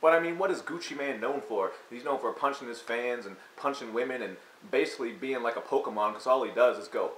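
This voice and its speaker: A music reviewer rants through a crude, mocking album review, breaking into exaggerated impressions as comedic bits. His medium-pitched, fairly bright voice moves fairly quickly with hardly any pauses. The room is echoey, with a faint hiss.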